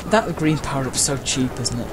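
A man chats his way through a racing game at a middle pitch and a fairly quick clip, rambling between thoughts with lots of uhs and playful cheers. Loud game music and engine noise sit beneath his casual let's-play commentary.

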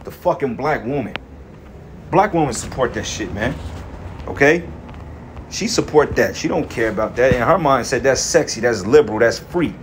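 Expressive and medium-pitched, a man rails through a profane, heated scripture lesson, closing lines with "man" and "okay," then reads verses aloud in a measured rhythm. There's a little hiss or hum.

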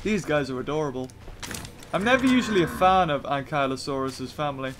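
A man's voice: on the high side, lively intonation, fairly quick, over music. A young man chatting casually and rambling with self-mocking humor while commentating on a game he is playing. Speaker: gaming channel host.

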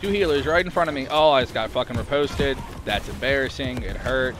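A man giving casual, excitable commentary while playing an online combat game, swearing and calling out targets to teammates. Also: medium pitch, fairly quick, background noise. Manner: excitable, swears a lot, laughs often. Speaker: gamer streaming his point of view in a clan war. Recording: music playing behind.

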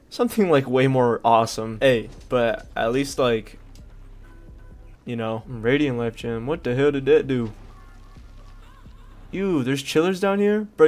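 A young man giving crude, rambling commentary while playing a game, yelling at it when things go wrong. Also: mid-range voice. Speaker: gaming streamer. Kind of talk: casual gameplay commentary.

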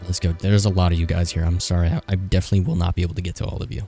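Deep-voiced young man, frantic gameplay commentary. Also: flat delivery, racing, dark tone, soft background music. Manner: frantic, swearing, joking to himself. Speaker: gaming streamer.

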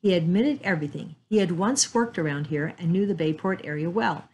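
A woman's voice: fairly low pitch, brisk, a little mellow, a little hiss or hum, close to an everyday voice. A woman reading aloud in the part of an earnest teenage boy detective, matter-of-fact in tone.

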